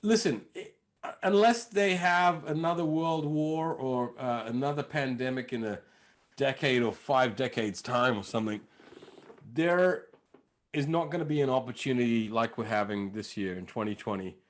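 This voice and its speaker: A man with a London accent, a comedian guest on a podcast, rambling through stories in a lively way. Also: mid-range voice, moderate pace. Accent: English, London. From England. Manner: animated, rambling storyteller. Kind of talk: podcast conversation.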